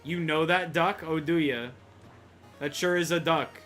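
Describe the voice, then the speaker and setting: Bright, jokey male game streamer. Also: a little high, steady tone, unhurried, faint music behind. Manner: jokey, chatty, greets chat. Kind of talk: casual gameplay commentary.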